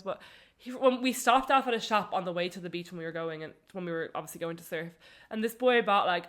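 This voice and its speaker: A young English woman with a slightly high, fairly bright voice co-hosts a podcast. She tells a travel story in a chatty manner, swearing casually and laughing often.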